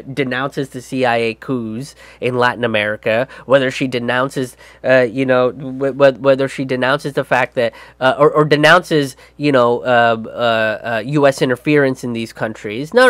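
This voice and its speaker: A man's voice: medium pitch, fairly bright tone, no echo. Ranting male political comedian. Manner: ranting, profane, many fillers. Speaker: comedian and commentator.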